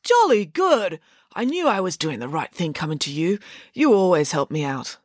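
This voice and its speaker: A woman's voice: lowish voice, very animated, moderate pace, no room sound, studio quality, voice pushed up. A woman reading a storybook, voicing a large, earnest teenage schoolboy who is bashful and dreamy about love.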